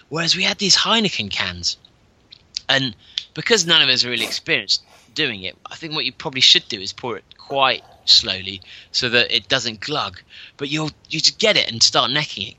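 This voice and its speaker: A man co-hosting a casual podcast from his bedroom, telling stories with lively mimicry. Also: dry recording. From England. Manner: animated storyteller, mimics people with big pitch jumps. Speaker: podcast co-host. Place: bedroom at home.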